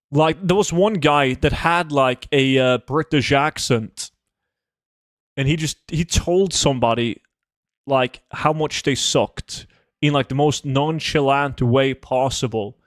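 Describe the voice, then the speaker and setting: A man's voice: medium pitch, no room sound, clean studio sound. Profane, rambling young streamer guy. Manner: loose, profane, rambling with many fillers. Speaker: game streamer. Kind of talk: casual livestream chat, reading chat messages.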